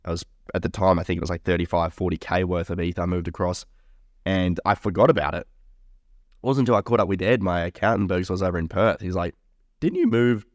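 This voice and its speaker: A man's voice: low-pitched, steady tone, fast, dry recording, studio quality. A young man co-hosting a podcast, chatting casually, swearing and laughing often. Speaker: podcast co-host.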